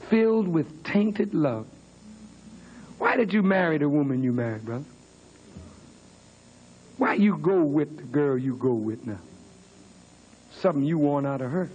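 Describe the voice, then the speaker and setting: A man's voice: a little high, animated, measured pace, pauses often, a little mellow, dull audio, slight background noise. A man in his fifties preaching a sermon in a church hall, dramatic, with mocking sing-song asides. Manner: dramatic preaching, mock-crooning quoted lovers. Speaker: minister.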